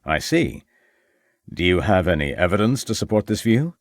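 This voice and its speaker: A self-assured American doctor , read by a man, who speaks in a slow, formal drawl. His deep voice rises and falls freely, and he never sounds rattled. It is a crime audiobook read in a dry room. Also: big pitch swings, no echo.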